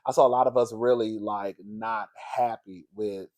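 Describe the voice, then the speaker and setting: A man hosting a casual pop culture gossip vlog, animated and chatty, who calls his viewers girl and baby and jumps into a high, laughing voice when he gets excited. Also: normal speed. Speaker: vlog host.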